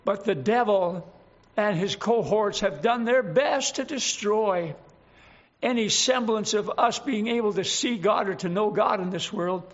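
Male preacher, earnest and emphatic, unhurried delivery, muffled lo-fi sound. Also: high-pitched. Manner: earnest and emphatic, slows down on scripture. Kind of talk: sermon.

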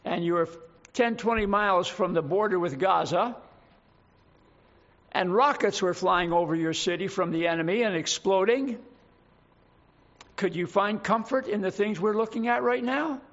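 A man's voice: sits high, normal speed, pauses often, a bit bright. A man preaching a sermon, reading scripture aloud with dramatic emphasis and adding his own asides. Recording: dull lo-fi recording.

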